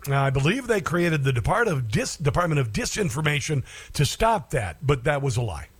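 Brief: male talk radio host, slightly high voice, sarcastic, stumbling monologue. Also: sing-song, fairly quick, husky. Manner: sarcastic, rambling with stumbles and fillers.

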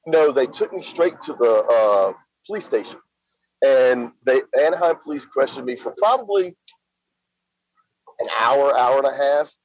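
A middle-aged man from Louisiana, a guest recounting events in a plain-spoken, halting way full of fillers. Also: mid-range voice, animated, no room sound. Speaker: interview guest. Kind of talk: casual spoken storytelling. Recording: slightly dull lo-fi sound.

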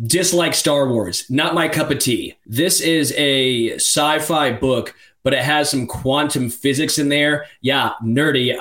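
A man co-hosting a sports podcast, talking in an animated, emphatic way. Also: mid-range voice. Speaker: podcast co-host. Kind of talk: casual sports podcast chat. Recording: roomy echo.

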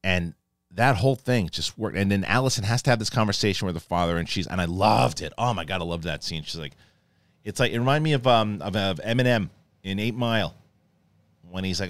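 A man hosting a spoiler review of a TV episode, talking excitably, swearing casually and acting out scenes. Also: sits low, a little fast, no room sound. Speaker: TV review show host. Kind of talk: animated spoiler review talk.

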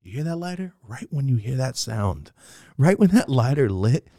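A man telling a wild personal story in a casual, profane, animated way, acting out what people said. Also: medium pitch, normal speed, no echo, clean studio sound. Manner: animated, profane, acts out the quotes.

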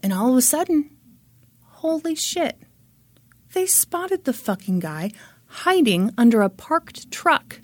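A woman's voice: a little high, sing-song, unhurried, dry recording. A woman hosting a podcast, telling a true-crime case in a chatty, dramatic way and swearing freely. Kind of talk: casual storytelling.

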